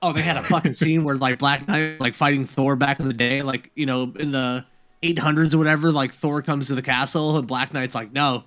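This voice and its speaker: A man's voice: medium pitch, a little fast, faint music behind. A man co-hosting a podcast, talking casually and animatedly with lots of slang. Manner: animated, slangy, says "bro" a lot. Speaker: podcast co-host. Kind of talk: casual chat.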